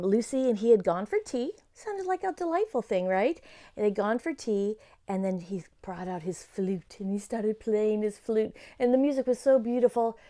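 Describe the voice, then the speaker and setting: A young woman reading a story aloud to children, lively and talking straight to her young listeners. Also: fairly high pitch. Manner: animated, talks directly to kids.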